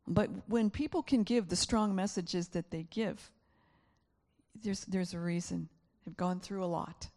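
Woman pastor preaching, gravelly low-toned voice, earnest and emotional, repeats herself a lot. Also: measured pace, dark tone. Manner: earnest, emotional storytelling with frequent repetitions. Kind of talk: sermon.

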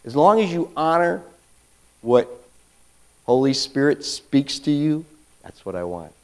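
A man preaching a conversational sermon as a pastor, swinging between quiet asides and loud emphatic bursts and acting out quotes. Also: on the high side, sing-song, unhurried, poor audio.

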